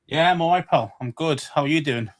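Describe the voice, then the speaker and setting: A man's voice: on the high side, brisk. A man with a Liverpool accent, co-hosting a sports talk show in a laid-back, slightly hesitant way. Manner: laid-back, hesitant, stumbling over words. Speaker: co-host. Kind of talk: casual sports chat.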